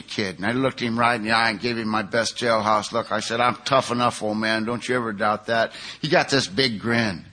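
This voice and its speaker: A man from California stands before a recovery conference and tells his own story in a loose, conversational way. His voice is bright and forceful at a middle pitch, and he slips into the voices of the people he quotes. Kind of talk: recovery meeting talk. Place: conference hall.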